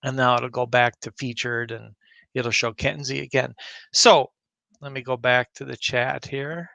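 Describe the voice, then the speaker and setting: A man hosting a community news livestream, rambling casually as he clicks through a website and greets viewers by name, a bit choked up and clearing his throat. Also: medium pitch, fairly even intonation, unhurried, bright, forceful tone, no echo. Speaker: livestream host.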